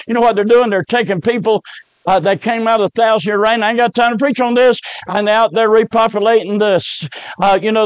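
Preacher guy, high voice, goes quiet then shouts, dry close sound. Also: no echo. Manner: storytelling, swinging from hushed to shouted. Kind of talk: sermon.

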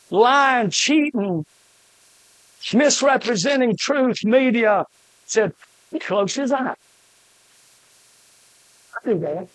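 An older man preaching a fiery sermon, emphatic, with shouted peaks and rhythmic lists. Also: very high voice, no echo, rough recording.

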